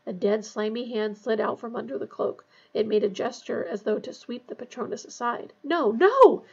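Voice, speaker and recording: A woman narrating a fantasy novel aloud in a tense, hushed storytelling manner. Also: fairly high pitch, level tone, normal speed, gravelly, slightly rough, highs cut off. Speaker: audiobook reader.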